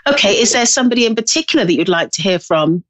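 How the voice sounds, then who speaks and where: A woman hosting a call-in show as a medium, mid-pitched and dry-sounding. She talks in a rambling, reflective way, restarting her sentences often. With callers she turns gentle and reassuring. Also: animated, fast talker, no room sound. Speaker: psychic medium and host.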